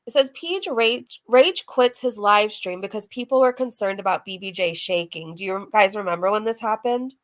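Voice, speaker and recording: A woman hosting a casual commentary show, chatting with her viewers and laughing between clips. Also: medium pitch. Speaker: commentary host.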